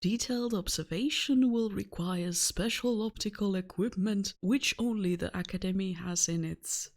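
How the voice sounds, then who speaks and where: A woman's voice: medium pitch, normal speed, a little mellow, close to an everyday voice. Woman doing a vintage newsreader. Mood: formal. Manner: formal, declamatory reading.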